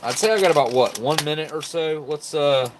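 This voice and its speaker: Speaking briskly in a fairly high voice against a noisy background, a man reviews MREs on his vlog. He's at home at a table, slightly buzzed from beer, unpacking food and talking to the camera in a loose, relaxed ramble full of fillers as he thinks out loud.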